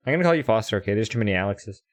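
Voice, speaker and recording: A man's voice: on the low side, lively intonation, rapid-fire. A man streaming a video game and chatting casually with friends, teasing them and swearing freely. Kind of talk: casual gaming chat.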